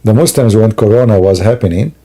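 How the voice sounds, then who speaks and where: A man's voice: on the low side, a little fast, mellow, husky. A sleepy man talking to his live-stream audience at home at night, rambling, with broken grammar and many fillers. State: sleepy and yawning. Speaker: Christian apologist streamer. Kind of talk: casual live-stream monologue.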